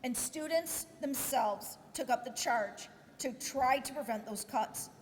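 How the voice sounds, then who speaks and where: Earnest woman speaking at a rally. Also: sits high. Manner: earnest, measured, appeals directly to lawmakers. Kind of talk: prepared rally speech. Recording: echoey hall with faint noise.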